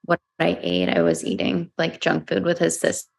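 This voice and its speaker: A woman's voice: low-pitched, big pitch swings, normal speed, vocal fry. A young woman recounting a fight with her husband in a hesitant way, full of fillers. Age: young adult. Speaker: participant sharing a conflict. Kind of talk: personal account in counselling session.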